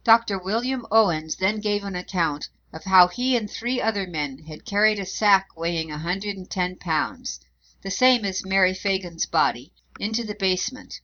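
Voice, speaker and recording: Bright-voiced woman reading history. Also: lowish voice. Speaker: narrator. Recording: dull lo-fi recording.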